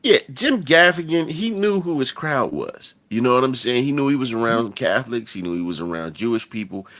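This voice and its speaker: A man co-hosting a podcast in casual chat, telling stories in a profane, animated way with many asides. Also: mid-range voice, fairly quick. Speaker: podcast co-host.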